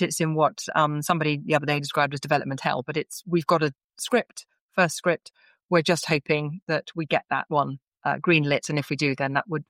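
A middle-aged woman author, interviewed in a dry recording, has a deep voice. She tells stories conversationally in an animated way, acting out quoted dialogue and frequently restarting.

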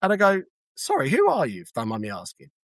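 A man, a cab driver telling lively anecdotes in a casual interview and acting out the shouts in his stories. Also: on the high side, fast talker, no room sound. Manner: animated storyteller who jumps to shouts when acting out scenes.

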